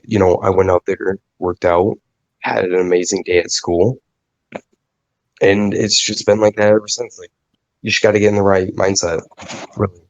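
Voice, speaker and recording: A man's voice: deep voice, no room sound, muffled recording. A man rambling on a podcast as a guest, full of fillers and restarts, with a stuffy nose. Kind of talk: casual podcast chat.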